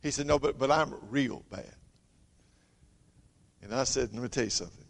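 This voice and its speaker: A man preaching a sermon, reading scripture loudly and dropping to a soft, intimate voice for a story. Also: mid-range voice, normal speed, gravelly.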